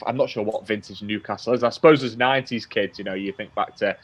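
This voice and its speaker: A man hosting a casual podcast, chatty and quick to laugh, often restarting his sentences. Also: lowish voice. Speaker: podcast host. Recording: slightly dull lo-fi sound.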